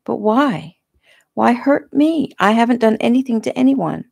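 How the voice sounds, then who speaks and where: A woman's voice: fairly low pitch, little pitch movement, measured pace, a little mellow, dry recording. Woman reading as a frightened, pleading young woman. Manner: pleading, raised and urgent. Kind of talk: audiobook reading.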